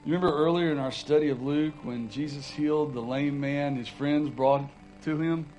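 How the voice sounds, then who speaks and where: A man's voice: a little high, steady tone, moderate pace, darkish tone, faint music behind, low-quality recording. A man preaching a sermon as pastor, folksy and conversational, building to urgent repeated emphasis.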